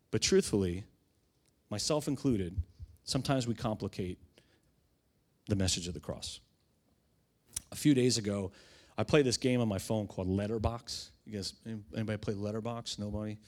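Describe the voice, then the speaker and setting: A middle-aged pastor preaching a sermon, telling stories conversationally and swelling into emphatic proclamation. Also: male voice, lowish voice, normal speed, long pauses, a little mellow.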